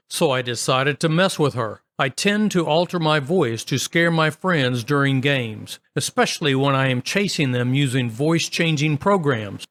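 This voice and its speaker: Man with a slightly high voice narrating stories. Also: fairly bright tone. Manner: wry, chatty storytelling with comments. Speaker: story narrator. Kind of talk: casual reading of online stories.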